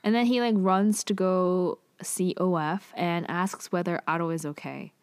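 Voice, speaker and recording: A woman's voice: lowish voice, steady tone, a little slow, clean tone, no echo. A woman casually recapping a TV drama's plot, full of "like" and "um" fillers and offhand asides.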